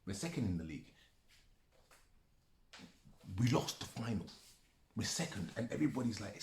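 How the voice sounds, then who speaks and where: Deep, echoing voice in a small room: a man giving an angry, repetitive football rant, swearing freely as the words pile up in his throat. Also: very animated, normal speed, long pauses, a little mellow, a little hiss or hum. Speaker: football fan commentator. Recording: echoey room.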